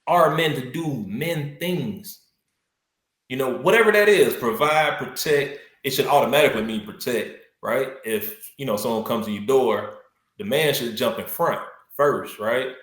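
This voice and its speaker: A man's voice: medium pitch, measured pace, fairly bright tone, echoey room. A man speaking as a podcast guest, earnest and emphatic in casual conversation. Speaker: podcast guest, school assistant principal.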